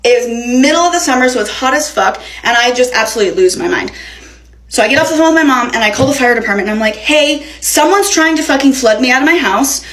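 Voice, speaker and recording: A young woman with a slightly high voice recounts a chaotic personal story. She talks casually and dramatically, with plenty of swearing. The sound has a roomy echo. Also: quick pace. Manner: animated, profane, dramatic retelling. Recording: echoey room.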